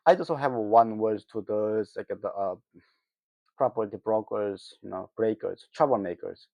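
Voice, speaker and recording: A man from North Korea with a North Korean accent, speaking English as a second language in a casual opinion monologue, halting with many fillers and breaking into heated, mocking asides. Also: lowish voice, vocal fry, mellow, no room sound. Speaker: vlogger. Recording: dull lo-fi dry recording.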